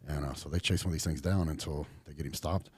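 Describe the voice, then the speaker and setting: Deep rumbly husky guy from texas, talks fast, easygoing drawl. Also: fairly even intonation, a little mellow, no echo. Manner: laid-back drawl, many fillers. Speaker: podcast guest. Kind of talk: casual interview chat.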